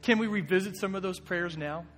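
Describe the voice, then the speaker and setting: Pastor guy preaching, kinda high voice, casual and earnest, echoey church sound. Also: a little fast. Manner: earnest, conversational preaching with rising emphasis. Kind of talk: sermon. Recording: long reverb with soft guitar behind.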